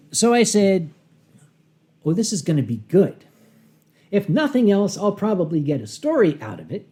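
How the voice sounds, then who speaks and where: A man's voice: high voice, sing-song, dark tone. Wry man telling a convention story. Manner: wry, dramatic pauses, acts out his own rehearsed lines; clears throat often. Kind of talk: live humorous storytelling.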